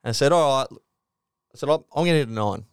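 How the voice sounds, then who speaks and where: A man's voice: mid-range voice, lively intonation, quick pace, clean tone, no echo, clean studio sound. Laid-back Australian man telling a yarn. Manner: storytelling, swears freely, acts out quotes. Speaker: podcast co-host. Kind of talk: casual sports chat.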